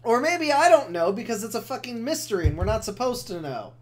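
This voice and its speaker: A man's voice: very high-pitched, sing-song. Sarcastic man ranting on a live stream. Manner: ranting, sarcastic, quick to joke. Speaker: streamer reading a manga aloud.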